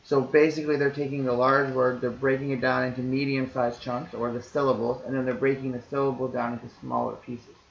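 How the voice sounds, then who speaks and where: A man's voice: medium pitch, little pitch movement, fairly quick, creaky, hardly any pauses, roomy sound, rough recording. A man teaching, explaining to parents in a recorded lesson in an easygoing, reassuring way, talking things through step by step.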